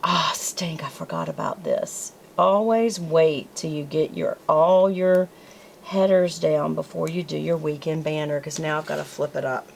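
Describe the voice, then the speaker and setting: A woman's voice: deep voice, fairly even intonation, unhurried, gravelly, slight background noise, rough recording. Southern woman chatting while she crafts. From American South. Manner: chatty, talks to herself as she works. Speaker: planner vlogger. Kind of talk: casual chat while crafting.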